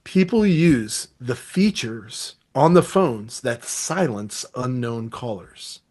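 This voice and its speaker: A middle-aged man giving a sales masterclass, energetic and acting out sample phone calls as he teaches. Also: mid-range voice, slow. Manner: energetic, acts out calls and quotes. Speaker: sales trainer. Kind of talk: masterclass talk.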